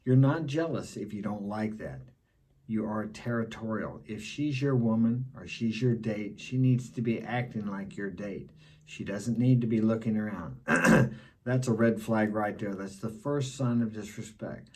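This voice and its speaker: A man's voice: on the low side, a little slow, breathy edge. A middle-aged man giving blunt dating advice in a casual monologue, repeating his key points.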